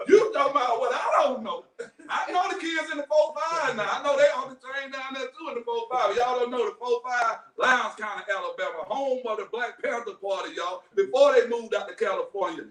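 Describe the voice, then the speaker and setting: A woman's voice: a little high, fairly quick. A woman, co-hosting a podcast and telling stories casually, acting out the dialogue and often laughing. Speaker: podcast co-host. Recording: echoey room, voice distant from mic.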